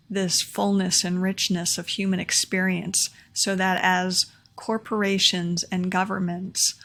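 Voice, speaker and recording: A woman's voice: mid-range voice, vocal fry, fairly bright tone. A young adult woman vlogging her takeaways in a casual, earnest explainer, repeating key points for emphasis, recorded at home. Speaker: vlogger sharing talk takeaways. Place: home room near a window.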